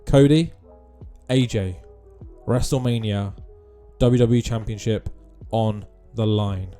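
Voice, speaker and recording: A man's voice: fairly low pitch, slow pace, warm tone, faint music behind. A man voicing a composed male wrestling interviewer with a formal, announcer-like delivery.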